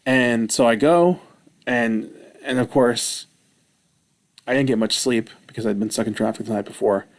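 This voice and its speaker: A man vlogging, telling a rambling personal story with self-mocking, animated retelling. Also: mid-range voice, moderate pace.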